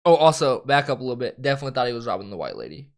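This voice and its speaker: Talking at a racing pace in a medium-pitched voice, a man co-hosts a casual film review chat. He animatedly retells scenes, acting out quoted lines, and swears and laughs often.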